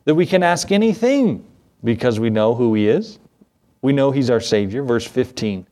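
A man's voice: medium pitch, animated, moderate pace, warm tone. A man preaching an evening sermon in a folksy, conversational way, reading verses aloud and chuckling now and then. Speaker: pastor.

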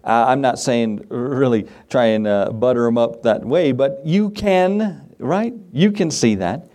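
A man's voice: medium pitch, lively intonation, a little slow, dark tone. A middle-aged man, a pastor, preaching a sermon in a folksy, conversational way with chuckling asides.

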